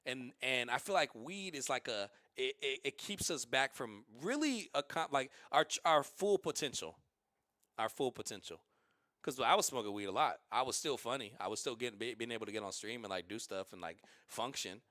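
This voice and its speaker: A man streaming and telling stories in a casual, rambling, animated way, with many restarts. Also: mid-range voice, moderate pace, no room sound, clean studio sound. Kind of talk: casual livestream storytelling.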